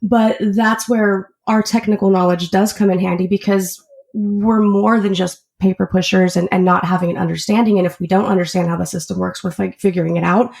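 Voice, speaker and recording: Female guest with a strong gravelly edge at mid pitch, earnest and chatty, explains things in detail. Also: steady tone, a little fast, darkish tone. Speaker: auto shop service advisor. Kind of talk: casual interview chat.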